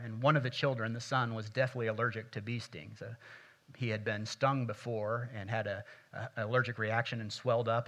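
A man, a pastor, preaching a sermon and reading scripture aloud, building to louder, more intense passages. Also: mid-range voice.

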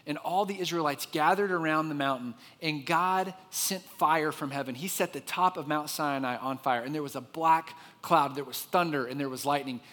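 A man preaching a sermon, telling the story with lively expression and dropping to a hushed voice for the quiet parts. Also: fairly high pitch, normal speed, few pauses, long reverb tail. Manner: expressive storyteller, drops to a soft hush for quiet moments. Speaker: pastor.

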